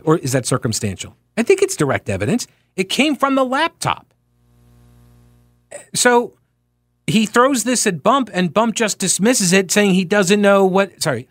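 A talk radio host with a high-pitched voice argues his opinions into a studio microphone, with no echo at all. He's animated and combative, often restarting sentences and firing off rhetorical questions.

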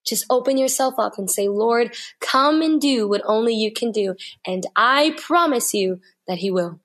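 A woman's voice: fairly high pitch, animated, moderate pace, fairly bright tone. A woman guest on a faith interview, telling her personal story in an earnest, heartfelt way and repeating phrases for emphasis.

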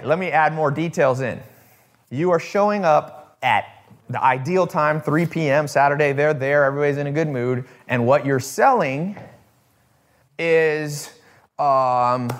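A man hosting a casual talk to his viewers, rambling with restarts and swearing, acting out the people he quotes. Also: mid-range voice. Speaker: host.

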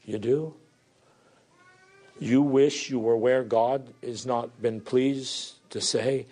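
A man's voice: mid-range voice, fairly even intonation, slow, darkish tone. A male pastor preaching a sermon in a church, fervent and exhorting, building to emphatic peaks.

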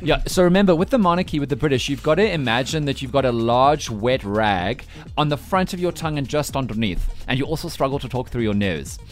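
A man's voice: mid-range voice, animated, fairly quick, hardly any pauses, faint music behind. A man hosting a breakfast radio show, chatty and teasing, laughing often. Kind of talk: casual radio banter.

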